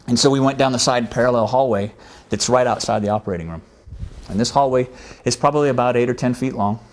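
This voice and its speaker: A man's voice: mid-range voice, quick pace. A man, a former military medic, earnestly telling a first-person war story in a conversational way. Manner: earnest, conversational, acts out quoted voices.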